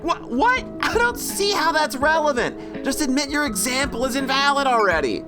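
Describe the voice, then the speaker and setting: A man's voice: very high voice, very animated, moderate pace, music in the background, pitched above the performer's own voice. A man voicing an uptight, pedantic teenage schoolgirl in a visual novel, sounding indignant and exasperated.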